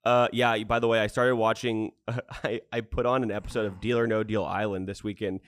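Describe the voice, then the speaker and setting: A man's voice: lowish voice, flat delivery, brisk, clear, resonant tone, no echo. A man co-hosting a sports podcast, chatting loosely and laughing as he rambles through stories and picks. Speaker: podcast co-host. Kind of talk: casual sports podcast chat.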